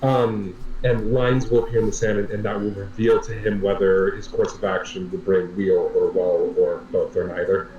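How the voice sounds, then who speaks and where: A man playing a tabletop game, explaining his character's actions in halting, apologetic speech. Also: lowish voice, little pitch movement, mellow, roomy sound, dull audio, a little hiss or hum. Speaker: player. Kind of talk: casual tabletop play.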